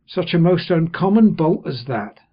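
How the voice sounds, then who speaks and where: A kindly, simple-hearted blacksmith talks in an earnest, fretful, confiding way, as a man reading a storybook puts him on. His husky voice sits higher and louder than the narration. The audiobook recording sounds dull and lo-fi. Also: lively intonation, normal speed.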